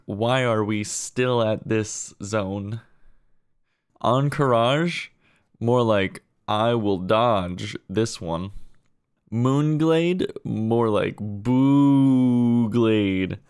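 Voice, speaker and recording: A young man delivering a deadpan list of comedy puns, drawn out slowly with quick mumbled asides. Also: medium pitch, clear, resonant tone. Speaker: comedy video creator.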